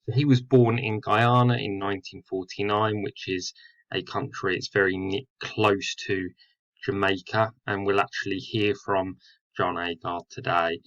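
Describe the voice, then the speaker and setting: A male English teacher explaining a poem in a recorded lesson, filling pauses with "um". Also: on the low side, steady tone, fairly bright tone, muffled recording. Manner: explanatory, with many fillers.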